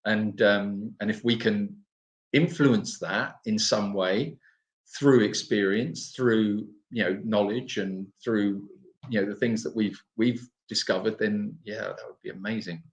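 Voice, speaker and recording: A man's voice: fairly low pitch, fairly even intonation, measured pace, reverberant. A man hosting a casual livestream for an animal sanctuary, talking in a meandering, self-interrupting but upbeat way.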